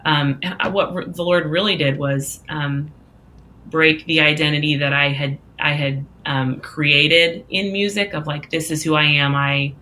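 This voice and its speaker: A low-pitched woman in her thirties talks earnestly about faith in a relaxed podcast chat. Her voice is bright and forward, and she often slips into quoting herself and others. A faint hiss sits under the talk. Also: a little slow. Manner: earnest, many fillers and quoted inner dialogue. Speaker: guest songwriter. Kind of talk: casual faith conversation.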